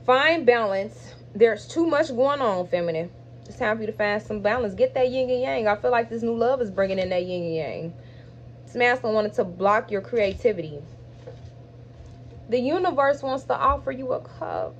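A woman giving a spiritual tarot reading, speaking emphatically and straight to her viewers, stretching out key words between quicker asides. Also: on the high side, highs cut off, slight background noise. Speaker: tarot reader.

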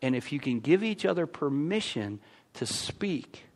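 A man's voice: on the high side, big pitch swings, unhurried. A man pastor with an American accent, preaching a conversational sermon in a church with frequent stammered restarts.

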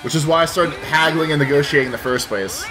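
A man's voice: a little high, quick pace, music in the background. A man hosting a game playthrough, telling a long story in a casual, rambling way with lots of swearing and restarts. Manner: rambling, profane, with frequent restarts. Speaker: let's play host. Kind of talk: casual storytelling over gameplay.

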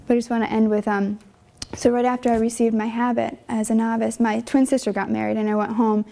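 A woman's voice: fairly high pitch, little pitch movement, quick pace, creaky, dark tone. A young woman, a religious sister, telling her vocation story in an earnest, conversational way, full of fillers and emotion. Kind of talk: personal vocation testimony.

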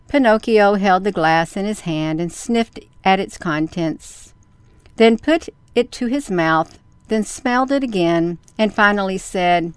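Give me a woman storyteller reading a children's tale slowly in a smooth, crisp voice. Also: mid-range voice, lively intonation, no room sound. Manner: slow, deliberate storytelling.

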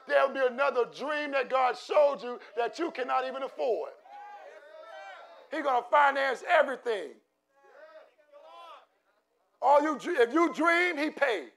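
A man preaching a sermon to a congregation, shouting and exhorting with call-and-response. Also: very high-pitched, creaky. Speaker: pastor. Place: church sanctuary. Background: congregation in a church.

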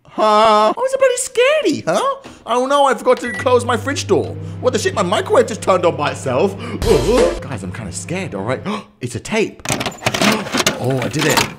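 A man giving loud, crude, mock-rude running commentary while playing a game. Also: sits high, very animated, normal speed, music in the background. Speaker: gaming YouTuber. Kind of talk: let's play commentary.

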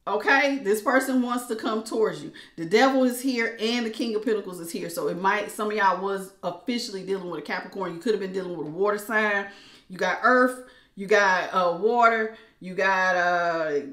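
A woman with talks through a tarot reading, animated and quick to laugh. Her voice is bright and clear, and it sounds roomy and echoey. She keeps calling her listeners honey. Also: mid-range voice. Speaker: tarot reader. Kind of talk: casual tarot reading to camera.

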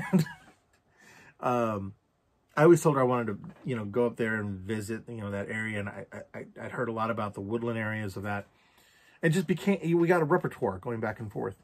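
A man's voice: lowish voice, fairly quick. A man recounting a personal story for a journal vlog, candid and reflective, with casual swearing. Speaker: vlogger.

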